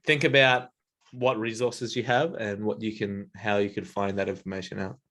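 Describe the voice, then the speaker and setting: A man's voice: on the low side, steady tone, moderate pace, fairly bright tone. A man running a casual tabletop game, narrating with a rambling, filler-heavy manner. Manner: rambling, lots of "like" and "um". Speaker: game master.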